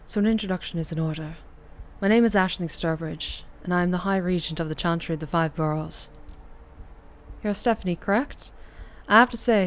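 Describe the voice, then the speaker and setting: A woman's voice: on the low side, close to an everyday voice. A woman doing a composed Irish-accented regent. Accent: Irish (put on). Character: composed, imperious woman mage leader, a regent.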